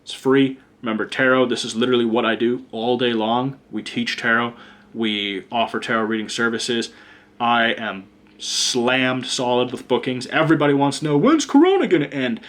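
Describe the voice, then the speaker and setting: A man's voice: mid-range voice, little pitch movement, moderate pace, fairly bright tone. A man giving a casual pick-a-card tarot reading, blunt and chatty, swearing freely and drifting into rants. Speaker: tarot reader and teacher.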